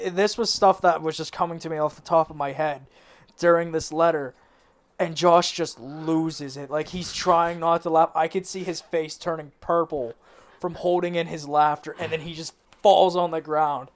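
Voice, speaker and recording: A man in a band tells a rambling story during a casual interview, laughing and swearing as he goes. His voice is a little high, with a steady tone and a moderate pace.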